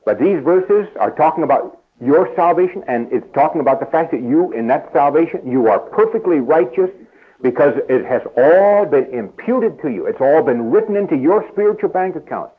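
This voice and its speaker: A man preaching an evening sermon to a seated congregation. He speaks earnestly, slows and rises on key phrases, and turns soft and slow when he leads a prayer. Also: fairly high pitch, lively intonation, breathy edge, narrow, tinny audio. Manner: earnest, stresses key phrases by slowing and rising. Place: church service before a seated congregation.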